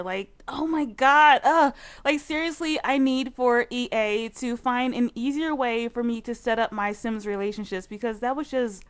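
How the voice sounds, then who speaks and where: A woman with a high voice commenting on her own gameplay in a let's play. She is excitable and full of exclamations, with "like" in nearly every sentence. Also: normal speed, few pauses. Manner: excitable, exclaiming, heavy use of "like". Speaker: gaming channel host.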